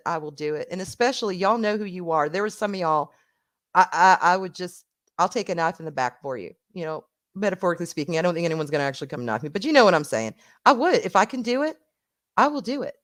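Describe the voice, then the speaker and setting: Her voice is on the low side but lively, and she talks fast. She's a middle-aged Southern woman with a Southern accent, casually and warmly chatting with her stream audience, laughing frequently and swearing occasionally.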